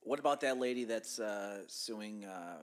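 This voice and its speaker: A man's voice: on the low side, a little slow. A man co-hosting a casual chat who laughs a lot and teases his co-host. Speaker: podcast co-host.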